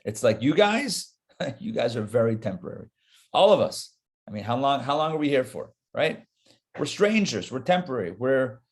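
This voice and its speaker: Speaking at a medium pitch, a male rabbi delivers a live Torah class, engaging his listeners directly in an animated, conversational way.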